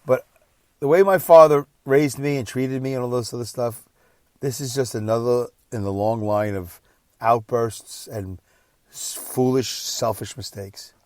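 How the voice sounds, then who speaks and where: A tired, exhausted man hosting a podcast, telling a personal story in a rambling, emotional way that swings between quiet and loud. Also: mid-range voice, steady tone, unhurried, dry recording, clean studio sound. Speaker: podcast host.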